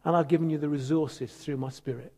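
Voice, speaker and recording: A man preaching a sermon as pastor, emphatic and animated with conversational asides. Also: on the high side, brisk. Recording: long church hall reverb.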